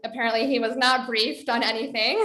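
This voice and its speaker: A woman's voice: a little high, steady tone, moderate pace, sharp tone, roomy sound. A woman film director telling a story in a casual interview, chatty, with many fillers. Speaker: documentary director.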